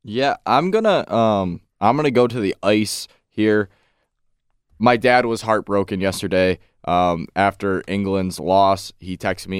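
Young male co-host, lowish smooth tone, dry sound, laid-back joking picks. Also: measured pace, no echo. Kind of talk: casual sports picks chat.

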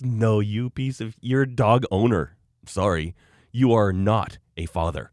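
A low-voiced man hosts a podcast and states his firm views with preachy emphasis. The recording is dry and close-miked. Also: unhurried, darkish tone, no echo. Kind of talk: casual podcast chat.

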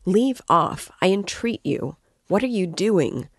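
A woman's voice: sits low, lively intonation, slow pace, warm tone, no echo, clean studio sound, heavily acted. A woman reading as a timid, anxious mother. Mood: distressed. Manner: timid, distressed.

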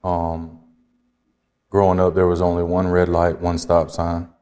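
A man from Georgia, slowly and reflectively telling his life story as an interview guest. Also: sits low, completely flat delivery, a little mellow, in a large hall. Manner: slow, reflective, halting. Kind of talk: personal testimony in conversation.

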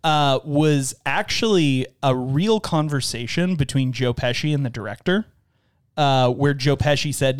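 In clean, echo-free studio sound, a man co-hosts a podcast, casually chatting about movies and laughing often. His voice is mid-range, clear and resonant, at a moderate pace.

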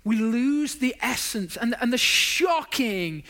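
A man's voice: high-pitched, sing-song, slow pace, few pauses, bright, forceful tone. A man preaching a sermon, stacking up emphatic lists of phrases and dropping in self-deprecating asides.

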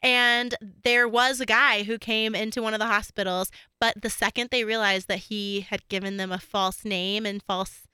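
A young woman with a bright, clear voice chats casually about a crime case. She talks in a loose, filler-heavy way and laughs often. She sits close to the mic in a dry, dead room. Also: mid-range voice, flat delivery, normal speed, few pauses, no room sound. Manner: chatty, lots of fillers and laughter. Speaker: true crime podcast co-host. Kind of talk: casual chat.

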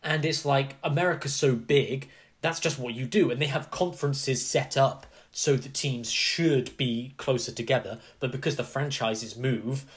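Animated man chatting casually. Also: mid-range voice, normal speed. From England. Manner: animated, talks in long runs with many asides. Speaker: podcast co-host. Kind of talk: casual chat.

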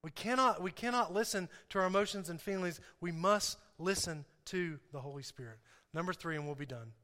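Delivering a sermon at a brisk pace, a male pastor speaks with animated emphasis and keeps circling back to repeat his main points. His voice is bright and high for a man, and a long hall reverb lingers after every phrase.

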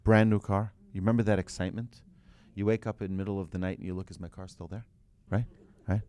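A man giving an animated religious lesson to a group, asking rhetorical questions and telling anecdotes. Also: low-pitched, fast.

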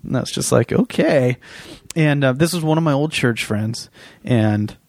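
A man's voice: medium pitch, lively intonation, measured pace, creaky, a little mellow, no room sound. A man in his thirties co-hosting a casual podcast, rambling with restarts and frequent laughs. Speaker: podcast co-host.

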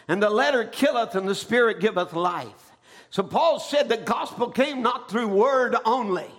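A man preaching a sermon, building to shouted emphasis and often calling out "amen" to the congregation. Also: high voice, lively intonation, normal speed.

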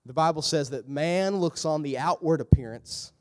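A pastor with a fairly high voice preaches an animated, casual sermon, breaking into jokes and quick voiced impressions of the people in the passages he reads. The recording is in an echoey hall with long reverb.

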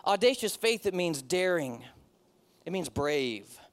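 A middle-aged man delivers a sermon in a loose, conversational way, tossing in self-mocking asides. His voice sits high and moves a lot, rising and falling with each point. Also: sing-song, unhurried. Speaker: pastor.

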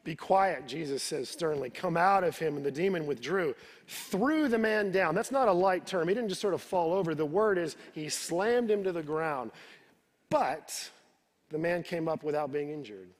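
A man's voice: on the high side, animated, normal speed. A male pastor preaching a sermon, retelling the scripture in his own words and repeating words as he builds each point. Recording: reverberant hall.

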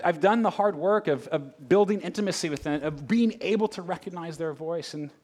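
A middle-aged pastor delivering a sermon in a relaxed, conversational manner. His voice sits a little high for a man. He often stops mid-thought to check in with the listeners. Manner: conversational, with frequent asides and rhetorical questions.

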